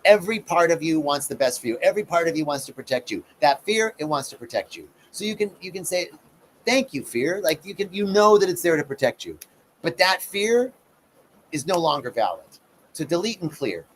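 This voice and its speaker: A man's voice: fairly high pitch, big pitch swings, brisk, a little hiss or hum. Middle-aged man teaching spiritual practice, conversational. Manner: conversational teacher, acts out voices in his stories. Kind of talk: live-streamed talk on personal growth.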